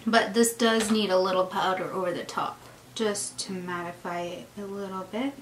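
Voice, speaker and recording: A woman's voice: mid-range voice, fairly even intonation, normal speed. A woman beauty vlogger chatting and gushing as she does her makeup in a get-ready-with-me video. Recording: echoey room with faint noise.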